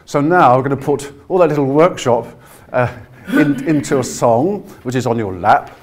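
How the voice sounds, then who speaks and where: A man leading a voice workshop, coaching a live audience through breathing exercises in an energetic, encouraging way. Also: mid-range voice, normal speed, a crowd in the background. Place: conference room with a live audience. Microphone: no handheld mic, projecting to the room.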